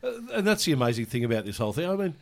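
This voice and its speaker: A man's voice: mid-range voice, big pitch swings, rapid-fire. A man hosting a podcast, making encouraging, reflective remarks to his guest. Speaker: podcast host. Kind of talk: casual chat.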